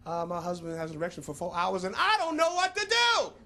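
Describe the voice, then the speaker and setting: A man's voice: high voice, huge pitch swings, fast, gravelly, bright, forceful tone, exaggerated voice. A man voicing a flustered wife calling an emergency line, in a stand-up bit. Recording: live club crowd and noise.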